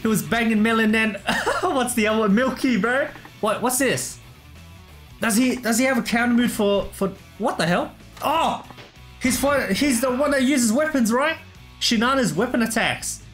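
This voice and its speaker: A man casually commentating his gameplay, excitable, laughing often and saying "bro" all the time. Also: very high voice, moderate pace, faint music behind. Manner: excitable, laughs a lot, says "bro" constantly. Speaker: gameplay streamer. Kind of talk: casual let's play commentary.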